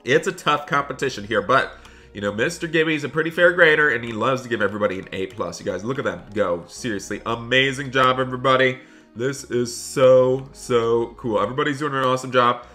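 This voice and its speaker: A man hosting a gaming channel, talking excitedly to viewers while role-playing a school day in a game. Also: mid-range voice, a little fast, soft background music. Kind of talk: Roblox role-play commentary.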